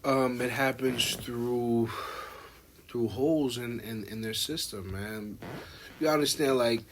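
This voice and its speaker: A man's voice: medium pitch, slow pace, slight background noise. A young American man co-hosting a podcast, talking loosely with slang, fillers and restarts. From United States. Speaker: podcast co-host. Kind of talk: casual podcast chat.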